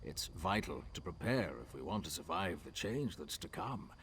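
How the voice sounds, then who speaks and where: An actor voicing a solemn tribal elder who advises a traveler in formal, measured video game dialogue. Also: male voice, low-pitched, big pitch swings, a bit bright, slight background noise. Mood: grave.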